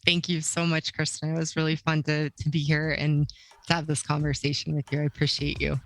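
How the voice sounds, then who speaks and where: A woman life coach as a podcast guest, relaxed and rambling, often laughing. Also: low voice, brisk, slight background noise, low-quality recording. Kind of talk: casual interview chat.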